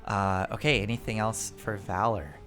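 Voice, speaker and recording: A man narrating as game master for a tabletop game, halting and relaxed with many fillers. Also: lowish voice, soft background music.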